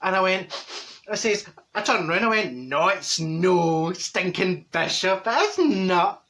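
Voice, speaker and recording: A man's voice: sits high, animated, takes it slowly, pushed and bright, exaggerated voice. A man playing a straight-talking, gossipy middle-aged woman from Glasgow, with a Glaswegian accent, chatting blunt comic stories to camera. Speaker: comic character.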